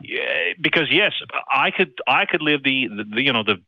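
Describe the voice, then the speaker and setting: A man with a Newfoundland accent calling in to a show, speaking haltingly with many restarts and repeated words. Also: medium pitch, lively intonation, gravelly, no room sound. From Newfoundland and Labrador. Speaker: caller. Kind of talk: casual phone-in chat. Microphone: phone or computer call. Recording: dull, muffled line.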